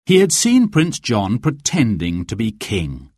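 Slow, expressive storybook narrator man. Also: on the low side, no room sound, clean studio sound. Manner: expressive, with clear, careful delivery.

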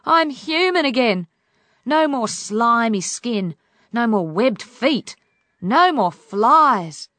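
A woman's voice: a little high, lively intonation, measured pace, a bit bright, no echo. A woman voicing a cheerful, gallant young prince in a storybook reading, over background music. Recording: music playing behind.

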